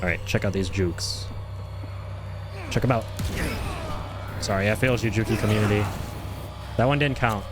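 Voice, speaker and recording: A man's voice: lowish voice, moderate pace, pauses often. Joking male streamer, noisy background. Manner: joking, ironic, rambling with restarts. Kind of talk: casual gameplay commentary.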